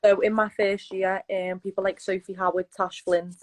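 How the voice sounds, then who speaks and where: A young woman talks in a relaxed, easygoing way, full of ums and little laughs. Her pitch sits at a medium level for a woman. A faint noise runs under the recording. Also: moderate pace. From Liverpool, England. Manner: laid-back, laughs often, many fillers. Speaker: guest footballer. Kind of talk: casual chat.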